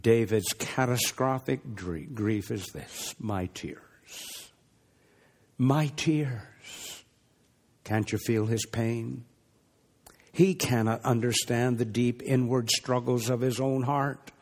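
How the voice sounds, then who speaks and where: A male preacher delivering a dramatic sermon, rising to emphasis and dropping to hushed, near-whispered lines. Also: medium pitch, steady tone, slow pace. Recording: long hall reverb.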